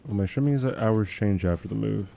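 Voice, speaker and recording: A man's voice: on the low side, brisk, vocal fry, dark tone, a little hiss or hum. A young man livestreaming a game, chatting in a rambling, self-deprecating way and laughing often. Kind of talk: casual chat while gaming.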